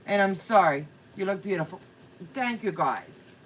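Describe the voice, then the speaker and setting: A woman's voice: mid-range voice, lively intonation, moderate pace, distant mic, slight background noise. A middle-aged woman chatting casually on a livestream, telling a funny story with frequent laughs and reading viewer comments aloud. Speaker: co-host of a quilting livestream.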